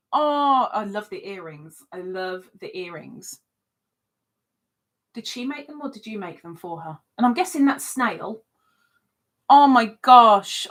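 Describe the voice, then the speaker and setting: Slow, chatty woman on a livestream. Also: a little high, fairly bright tone. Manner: chatty, teasing, reads comments aloud. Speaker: live stream host reading chat. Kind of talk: casual live stream chat.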